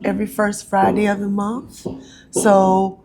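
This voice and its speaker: A woman from North Carolina, a guest talking casually in an interview, with many ums and pauses. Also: medium pitch, monotone, vocal fry, a little mellow. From North Carolina, USA. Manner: chatty, frequent ums and pauses. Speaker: actress and comedian guest.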